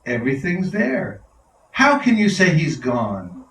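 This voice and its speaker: A man voicing the god of death in the form of a calm, knowing five-year-old boy, gently insistent. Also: on the high side, takes it slowly, slight background noise, heavily acted. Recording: roomy hall, mic far off.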